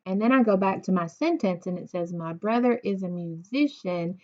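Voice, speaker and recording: A woman's voice: medium pitch, expressive, normal speed, few pauses, darkish tone. A woman teaching a phonics lesson to second graders, patient and encouraging, drawing out words. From United States. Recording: dull lo-fi recording.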